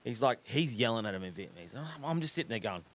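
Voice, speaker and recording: An Australian man spinning a loose, profane yarn on a podcast. His pitch swings widely as he acts out the people in the story. He sits at a middle pitch and keeps the talk casual and chatty. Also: fast talker. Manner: swears constantly, animated, drops into quoted voices. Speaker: podcast host.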